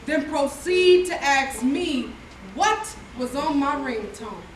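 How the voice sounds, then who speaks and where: A woman's voice: high voice, lively intonation, slow. A woman poet performing spoken word poetry with rhythmic, repeating refrains. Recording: echoey room from far off, faint noise.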